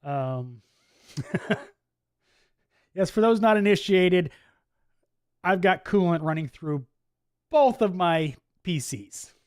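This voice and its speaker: A man's voice: high voice, lively intonation, slow, long pauses, clean tone, no room sound, studio quality. A man with a mixed Midwest and Southern US accent hosts a casual live chat, reading viewer comments in a chatty, laid-back way and laughing often. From US Midwest, Wisconsin. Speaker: livestream host. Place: home office.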